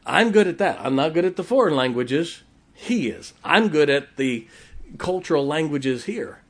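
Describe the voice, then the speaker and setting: Brief: male pastor, folksy joking sermon delivery, loud exclamations. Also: fairly high pitch, animated, moderate pace.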